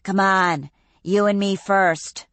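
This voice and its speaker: A woman's voice: mid-range voice, steady tone, slow pace, fairly bright tone, no room sound. Reckless teen leader, woman narrator; confident, commanding. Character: bold teenage girl, reckless leader.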